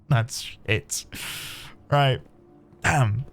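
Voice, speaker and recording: A man commentating his own game playthrough, chatty and excitable, talking to his viewers. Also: on the high side, extremely slow, gravelly, pauses often, slight background noise. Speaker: game streamer. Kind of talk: let's play commentary. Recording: faint background music.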